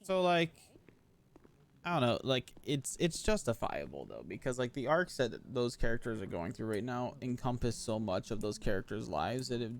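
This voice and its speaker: A man's voice: mid-range voice, very animated, moderate pace. A man streaming a roleplay game, chatting casually in character and to viewers, swearing often and laughing through his lines.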